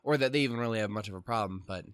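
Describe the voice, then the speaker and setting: A man's voice: lowish voice, rapid-fire, smooth, no room sound, clean studio sound. A man hosting a let's play, reading a visual novel aloud and breaking off into rambling, profane, self-mocking commentary.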